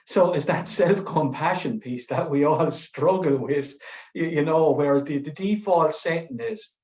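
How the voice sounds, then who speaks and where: A man with an Irish accent, a panellist on a webinar, talking haltingly with restarts and acting out remembered conversations. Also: fairly high pitch, a little mellow. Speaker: panellist, manager. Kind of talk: personal sharing on a webinar. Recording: echoey muffled video call.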